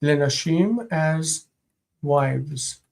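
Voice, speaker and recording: This Biblical Hebrew instructor goes over homework on a livestream, carefully rendering each phrase and correcting minor mistakes as they come up. The mid-range voice has lively intonation and a slightly mellow quality, captured in a low-quality recording.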